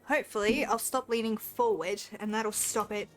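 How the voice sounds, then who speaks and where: Over quiet background music, a woman speaks at a medium pitch with a steady tone and moderate pace. She gives casual gameplay commentary, addressing her chat directly, laughing a lot and making self-deprecating jokes.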